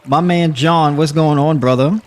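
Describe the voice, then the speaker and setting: A man's voice: fairly high pitch, fairly even intonation, measured pace, slight background noise. A man hosting a casual livestream, talking to his viewers, laughing often and using plenty of filler words. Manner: addresses audience with y'all. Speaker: livestream host. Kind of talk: casual livestream talk to the chat.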